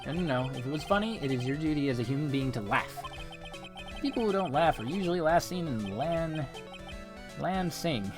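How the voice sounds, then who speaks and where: A man's voice: fairly high pitch, lively intonation, normal speed, music in the background, close to an everyday voice. A man reading aloud the lines of a showy male clown from a game, in a hammy announcer delivery. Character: loud showy middle-aged male clown. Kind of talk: game dialogue read aloud.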